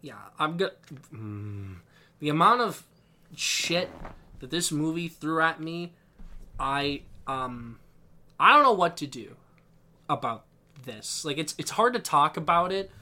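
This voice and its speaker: A man chatting casually as a podcast co-host, excitable and rambling, laughing often. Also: fairly high pitch, slow, pauses often. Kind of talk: casual chat.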